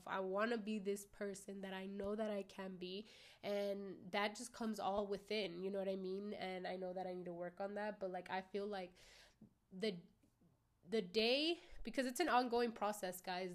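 A young woman vlogger talking openly to her viewers in a casual, rambling way, swearing often and leaning on fillers like "you know what I mean". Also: mid-range voice. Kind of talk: candid casual monologue.

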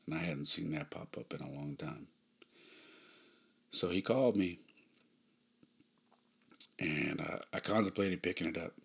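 A man in his thirties hosting a podcast, telling a personal story in a subdued, halting way with frequent sighs. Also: low voice, vocal fry, pushed and bright, breathy edge. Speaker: podcast host.

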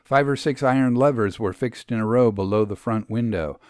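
A man narrating a literary story in the first person, measured and storytelling. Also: medium pitch, darkish tone, clean tone, no echo. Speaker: reader.

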